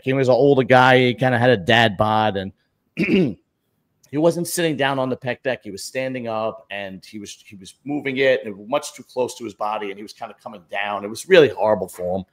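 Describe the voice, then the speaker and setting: A man hosting a bodybuilding podcast, reacting eagerly and telling crude, joking gym stories in casual chat. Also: medium pitch. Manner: excitable, quick reactions, crude humor. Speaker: podcast host.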